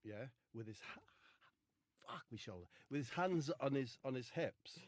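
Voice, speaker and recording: Brief: a deadpan male comic storyteller with a dry, close sound. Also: mid-range voice, moderate pace, dry recording. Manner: rambling, deadpan, swears casually. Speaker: comedian.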